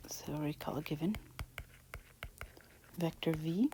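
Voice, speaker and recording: A woman teaching a math lesson, talking softly and half-whispered with a breathy voice while she writes. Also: deep voice, slow pace, background noise. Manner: soft, half-whispered explaining while writing. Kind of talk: recorded math lecture.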